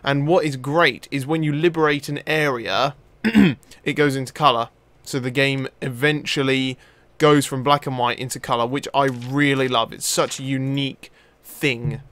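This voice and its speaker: A young man, commentating on gameplay casually, excitable and swearing often. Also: mid-range voice, normal speed, no room sound. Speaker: let's play host.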